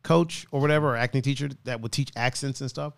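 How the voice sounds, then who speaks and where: A man's voice: mid-range voice, fast talker, creaky, clear, resonant tone, dry recording, studio quality. A man with a generic East Coast American accent, chatting casually on a stream, laid-back and full of slang.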